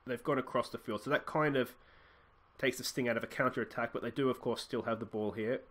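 A young Australian man casually commentating his own football management game, thinking aloud and breaking into excited shouts at goals. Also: mid-range voice, fast. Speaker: let's play host.

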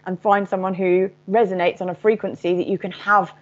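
A woman's voice: medium pitch, level tone, brisk, lo-fi sound. Frank woman talking spirituality. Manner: candid, frank, swears casually. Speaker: channeler. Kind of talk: casual spiritual talk.

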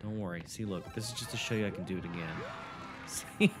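A man's voice: low voice, fairly quick, music in the background. A young man commentating his own gameplay, swearing, boasting and getting frustrated as he talks to a friend. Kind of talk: swearing let's-play commentary.

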